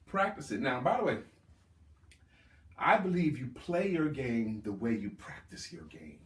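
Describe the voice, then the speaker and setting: A man's voice: a little high, lively intonation, gravelly. Emphatic male sales coach in a roomy hall. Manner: emphatic, drawn-out emphasis on key words. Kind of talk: live sales workshop talk. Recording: roomy, distant mic.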